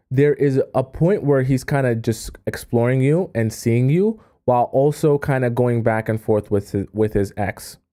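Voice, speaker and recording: A male dating coach on a live stream, with a mellow, warm-toned voice at an ordinary pitch. He reads a viewer's story aloud and breaks in with exasperated, incredulous asides and quick advice.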